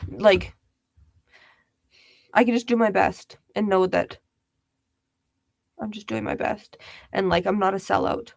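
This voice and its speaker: A woman's voice: mid-range voice, steady tone, unhurried, vocal fry, pauses often, no room sound. A young woman hosting a casual livestream, chatty and giggly, reading viewers' comments aloud. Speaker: livestream host.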